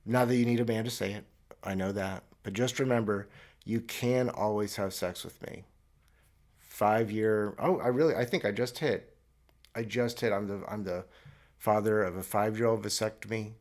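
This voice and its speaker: Podcast host, thirties, deadpan and sarcastic, restarts a lot, lowish voice. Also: male voice, normal speed. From Florida. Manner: rambling with restarts, mock-earnest. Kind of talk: solo comedic monologue. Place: traveling abroad, recording alone.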